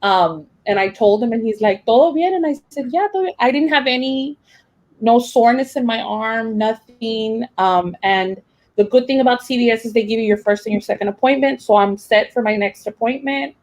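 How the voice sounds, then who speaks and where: A woman's voice: a little high, moderate pace, rough recording. Woman, teacher, rambling emotional chat, lots of fillers. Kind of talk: casual personal account.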